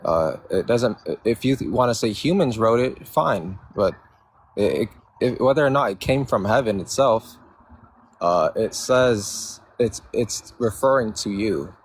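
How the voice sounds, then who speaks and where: Halting low-voiced man calling in. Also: expressive, breathy edge. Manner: halting, measured, many restarts. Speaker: caller. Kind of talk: debate argument. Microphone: remote call mic.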